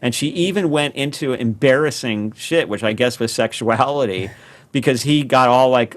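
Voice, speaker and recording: A man's voice: medium pitch, moderate pace. A man, a podcast guest telling a long story and acting out the quoted voices. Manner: animated, acts out quoted voices. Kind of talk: storytelling in conversation.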